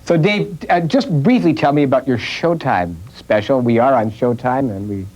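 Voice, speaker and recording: A man's voice: medium pitch, animated, moderate pace, a little mellow, lo-fi sound. A male host asking questions with wry humor. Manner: laughing, wry interviewer. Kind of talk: interview chat.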